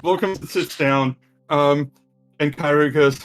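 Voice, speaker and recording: A man's voice: medium pitch, fairly even intonation, unhurried, soft background music. A man working as game master, narrating a tabletop game in a loose, hesitant way with many fillers.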